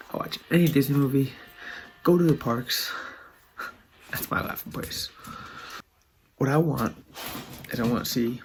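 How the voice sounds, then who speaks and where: A man's voice: medium pitch, vocal fry, slight background noise. A man speaking in an earnest, heartfelt and loosely rambling way in a casual video monologue. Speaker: vlogger.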